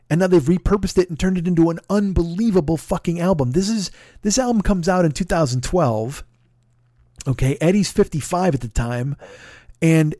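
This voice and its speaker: A man hosting a podcast, chatting casually about music as an excitable fan who swears constantly and gushes with enthusiasm. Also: a little high, no echo, clean studio sound. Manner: excitable, heavily profane, fan gushing. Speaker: podcast host.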